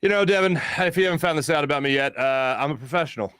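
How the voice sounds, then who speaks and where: A man's voice: fairly high pitch, quick pace, fairly bright tone, clear, resonant tone, dry recording, studio quality. A man hosting a sports talk show, chatting casually and telling joking stories. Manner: joking storyteller.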